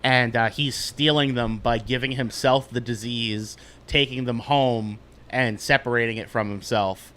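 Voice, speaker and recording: Casting note: man, podcast guest, mid-pitched voice, rambling and casual plot summary. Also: steady tone, unhurried, few pauses, sharp tone.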